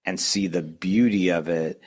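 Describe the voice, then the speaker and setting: Man guest, very low voice, earnest and reflective, restarts his sentences. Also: fairly even intonation, measured pace, a little mellow, slightly rough. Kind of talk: reflective conversation.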